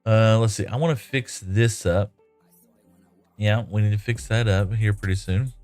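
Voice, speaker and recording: A man's voice: lowish voice, fairly even intonation, moderate pace, a little mellow, no echo, soft background music. A man live-streaming a game, chatting casually and reading viewer comments in a rambling, easygoing way, often laughing.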